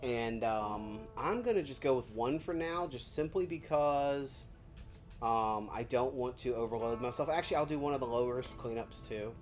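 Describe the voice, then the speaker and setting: Low-voiced woman joking through a game stream. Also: expressive, normal speed, a little mellow, soft background music. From Virginia, USA. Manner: joking, self-deprecating, thinks aloud. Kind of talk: casual gameplay commentary.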